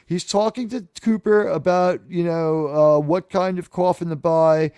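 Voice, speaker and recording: A man's voice: sits high, steady tone, a little slow, mellow, smooth, dry recording, studio quality. A man hosting a live talk show, rambling through casual, sarcastic, profane commentary.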